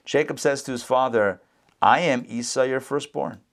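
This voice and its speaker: A man leads a lively scripture lesson for a class. He keeps breaking into character voices that leap up in pitch, then settles back into casual remarks to his listeners. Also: normal speed. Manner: acts out the characters' lines with big pitch jumps; chatty asides to the class. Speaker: rabbi teaching Torah class.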